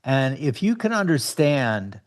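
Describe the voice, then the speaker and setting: Male podcast host, expressive pitch, quick to laugh, conversational. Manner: animated, laughs often. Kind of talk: casual conversation.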